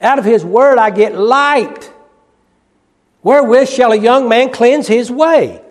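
A man preaching a sermon. He swings between loud, quick emphasis and hushed, slow passages, and repeats key phrases. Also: very high-pitched. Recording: long reverb of a large hall.

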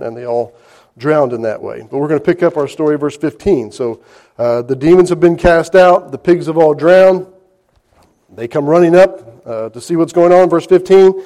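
A preacher with a fairly high voice for a man works through a scripture passage verse by verse. He reads the old text aloud, then retells it in plain, lively talk. His delivery rises to loud emphasis and drops to quiet, hushed lines. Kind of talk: sermon.

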